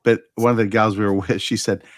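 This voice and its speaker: Low, dry-voiced older man rambling. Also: little pitch movement, dry recording. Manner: rambling storyteller, halting with fillers. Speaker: comedy show co-host. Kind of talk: casual comedic chat.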